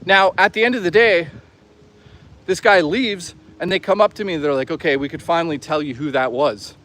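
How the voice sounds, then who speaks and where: A man's voice: on the high side, a little fast, a bit bright. A man live-streaming outdoors, chatting casually, swearing freely and reading out chat. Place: outdoors on an urban trail.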